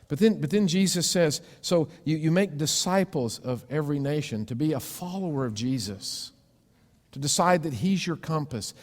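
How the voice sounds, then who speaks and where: Male pastor, storytelling sermon, slightly high voice, long church echo. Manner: storytelling with sudden loud screams and hushed asides. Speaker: preacher. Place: church sanctuary.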